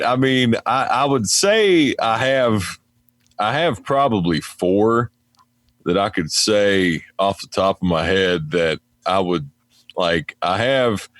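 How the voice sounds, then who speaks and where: West Virginian guy, lower voice, dry close sound, swears a lot, tells work stories. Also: lively intonation, slow, fairly bright tone, no room sound. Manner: profane, storytelling, acts out his own talk to dogs. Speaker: podcast guest, mail carrier. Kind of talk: casual chat.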